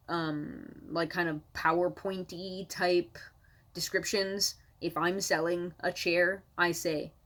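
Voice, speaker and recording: A woman comedian from Canada delivering an exasperated, sarcastic stand-up rant at home, swearing freely. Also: on the low side.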